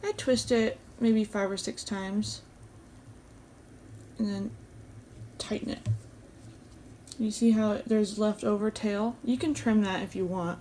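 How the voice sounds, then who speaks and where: A woman hosting an embroidery tutorial, calmly explaining each step as she works with her hands at a table. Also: mid-range voice, takes it slowly, pauses often, slight background noise. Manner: calm, step-by-step explaining while stitching. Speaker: embroidery channel host.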